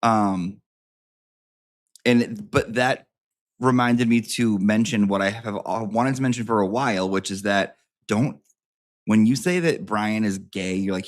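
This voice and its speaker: A man's voice: on the low side, steady tone, a little slow. A man hosting his channel, chatting casually and campily to his viewers, reading out their emails with sassy asides and plenty of swearing. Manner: campy, sassy, swears freely, lots of asides. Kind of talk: casual chat to a live audience.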